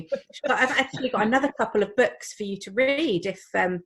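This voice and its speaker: A woman with a mid-pitched voice telling embarrassing anecdotes on a writers' panel over a video call. She brings her stories to life by voicing each quote. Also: fast, husky. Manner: lively anecdotes with acted-out quotes. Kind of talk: casual panel chat.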